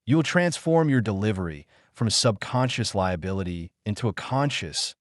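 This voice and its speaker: Lively, low-voiced male audiobook narrator. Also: dry recording, studio quality. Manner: emphatic, measured instructional delivery.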